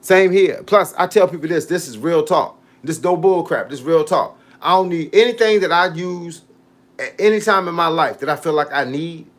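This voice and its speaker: Man in his fifties, boxing coach, livestream chat, fairly high voice, animated, slangy, preachy advice. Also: moderate pace. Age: 50s. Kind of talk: casual livestream chat reading comments.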